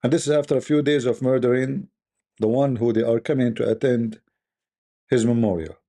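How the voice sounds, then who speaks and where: Scornful gravelly-voiced male commentator. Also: mid-range voice, steady tone, a little fast, dark tone. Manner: scornful, rhetorical questions, repeats himself. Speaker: online commentator. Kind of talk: casual live-stream commentary.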